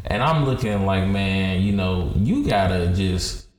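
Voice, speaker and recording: A man's voice: deep voice, lively intonation, measured pace, darkish tone. A man co-hosting a podcast, chatting in a reflective, slangy way and saying "bro" a lot. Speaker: podcast co-host. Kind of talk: casual chat. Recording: echoey room with faint noise.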